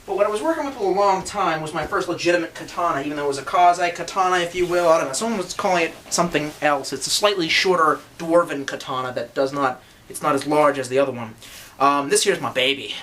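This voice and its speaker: A young man talks into his camera mic at home, his voice a little high and bright with a sharp edge. He rambles through his review, swearing freely and making crude jokes at his own expense. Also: fast, a little hiss or hum. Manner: profane, joking, self-deprecating, rambling. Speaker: YouTuber reviewing swords. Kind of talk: casual rambling vlog review. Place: room at home, indoors.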